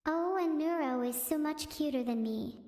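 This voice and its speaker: A synthetic female voice doing an impression of her edgy AI sister, speaking in a hesitant, halting way. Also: high voice, dark tone, echoey room, in a large hall, lightly acted. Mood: sulky. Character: edgy AI sister, grumpy young woman.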